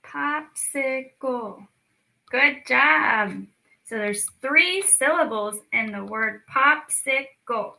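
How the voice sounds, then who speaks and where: A young woman leading a children's lesson, stretching words out slowly and cheering the kids on. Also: a little high, lively intonation, vocal fry, sharp tone, low-quality recording. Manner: slow, drawn-out words for children, encouraging. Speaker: speech clinic storytime teacher. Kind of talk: children's lesson, clapping out syllables.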